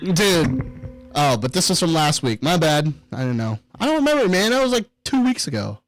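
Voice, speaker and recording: A man hosting a podcast in casual chat, excitable, laughing often and swearing a lot. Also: on the high side, brisk, faint music behind, low-quality recording. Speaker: podcast host.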